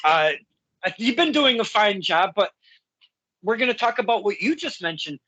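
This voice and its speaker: A man's voice: high voice, very animated, moderate pace, sharp tone, no room sound, dull audio. A man hosting a casual interview, rambling and chatty with lots of fillers and self-corrections. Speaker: podcast host.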